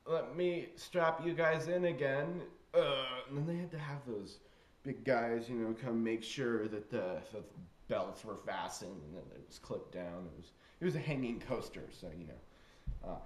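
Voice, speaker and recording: A man's voice: lowish voice, expressive, normal speed. A young man casually telling a rambling story, full of fillers, acting out the voices in it. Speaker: vlogger. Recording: roomy echo.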